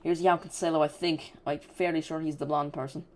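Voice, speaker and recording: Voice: medium pitch, flat delivery, a little fast, darkish tone. A host giving rambling, casual live commentary on a football match and chatting directly to viewers. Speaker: football watch-along streamer.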